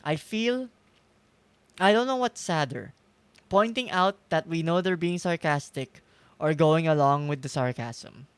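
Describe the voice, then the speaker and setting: Casual male streamer, light higher voice, chatty with laughs, dry close mic. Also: unhurried, clear, resonant tone, no echo. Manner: chatty, laughs often, reads text aloud. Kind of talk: casual gameplay commentary.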